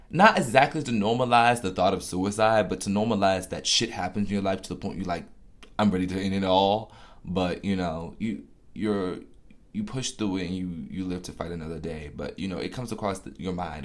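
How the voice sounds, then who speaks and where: Deep, gravelly man speaking candidly. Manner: candid and confessional, swears casually. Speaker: musician hosting his own podcast. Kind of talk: casual podcast monologue.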